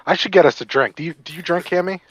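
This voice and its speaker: A man's voice: sits high, fast, fairly bright tone, no room sound. A man playing a tabletop game, casual and a bit pushy in character, recorded on a dull dry mic. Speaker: player.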